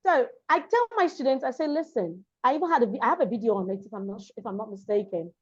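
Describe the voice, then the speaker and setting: A woman's voice: fairly high pitch, lively intonation, quick pace, slightly rough. A Nigerian woman who grew up in Lagos, a diction and public speaking coach, explaining things emphatically and repeating her key points in an interview. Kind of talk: interview conversation. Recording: dull lo-fi sound.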